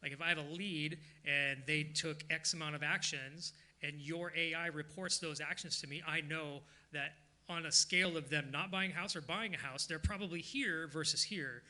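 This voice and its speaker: A man speaking casually on a discussion panel, telling stories in an animated way. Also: a little high. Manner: casual, animated storytelling with quick asides.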